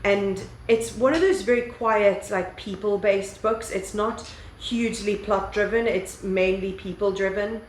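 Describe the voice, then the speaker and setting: A woman's voice: medium pitch, fairly even intonation, measured pace, few pauses, roomy sound, slight background noise, poor audio. A woman chatting casually as she reviews books on her vlog, rambling with lots of fillers and the odd swear word. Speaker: book vlogger. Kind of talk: casual book review chat.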